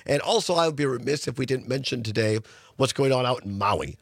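A man's voice: mid-range voice, animated, a little fast, gravelly, dry recording. A man hosting a local radio talk show, chatty and full of fillers, with a scratchy voice from being sick. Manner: chatty, with many fillers and restarts. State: hoarse from illness.

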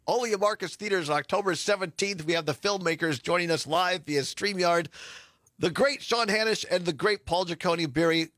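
A man from Wisconsin hosts a live interview show with a notably high voice. He sounds enthusiastic and stumbles a little over his words. The sound is dry and close, with no room echo. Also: a little fast, fairly bright tone. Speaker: show host.

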